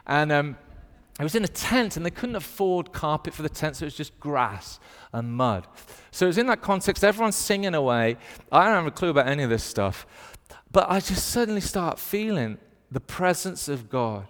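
A man in his thirties with a Northern English accent, preaching a lively sermon and telling stories with playful put-on voices. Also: on the high side, big-room sound. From north of England.

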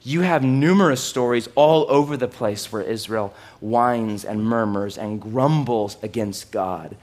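A man preaching a sermon in an animated way, with loud exclamations, hushed asides and sarcastic, self-mocking humor. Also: mid-range voice, measured pace. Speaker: pastor.

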